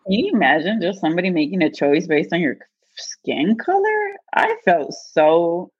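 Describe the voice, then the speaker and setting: A woman's voice: on the low side, a little fast, husky, no echo. A woman candidly telling a personal story, acting out the voices of the people in it. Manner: animated, acts out quoted voices with laughter. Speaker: guest telling her story. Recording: dull lo-fi dry sound.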